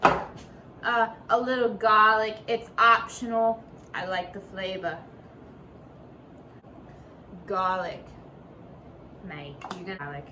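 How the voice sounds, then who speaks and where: A woman's voice: medium pitch, steady tone, slow, long pauses. A woman hosting a casual home cooking video in her kitchen, talking in playful, profane mock-chef banter. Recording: noisy room ambience.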